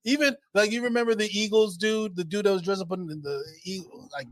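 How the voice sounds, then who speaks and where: A man co-hosting a casual podcast, talking in an animated, profane way with playful impressions. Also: high voice, quick pace, no echo. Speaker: podcast co-host.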